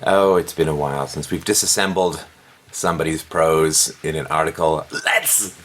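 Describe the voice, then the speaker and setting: Middle-aged male host, low-pitched, sardonic article rebuttal with mocking swoops. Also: steady tone, normal speed, fairly bright tone, slight background noise. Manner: mocking, theatrical jumps in pitch when scoffing. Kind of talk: sarcastic commentary on a read-aloud article.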